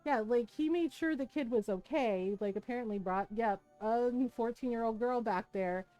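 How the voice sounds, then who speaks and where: A woman streamer chatting casually with her live viewers, animated and swearing often, with frequent laughter. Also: a little high, moderate pace, faint music behind.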